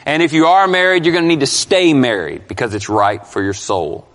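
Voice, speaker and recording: A man's voice: mid-range voice, a little fast, fairly bright tone. A male pastor preaching an expository sermon, emphatic and questioning his congregation. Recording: long hall reverb.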